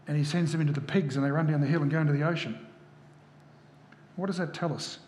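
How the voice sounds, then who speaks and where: A man's voice: fairly high pitch, fairly even intonation, fairly quick, a little mellow, a little hiss or hum. A man preaching a sermon, often asking the listeners rhetorical questions. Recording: echoey hall from far off.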